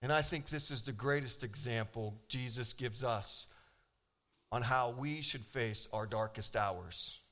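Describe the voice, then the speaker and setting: A man preaching a sermon as pastor, animated and emphatic, acting out quoted lines with dramatic pauses. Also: mid-range voice.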